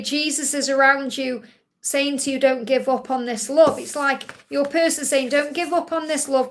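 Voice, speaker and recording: A woman's voice: sits high, vocal fry, a bit bright. A woman hosting a live tarot Q&A stream, reading out viewers' questions and relaying messages in a reassuring way, often checking in with "okay?". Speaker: psychic card reader.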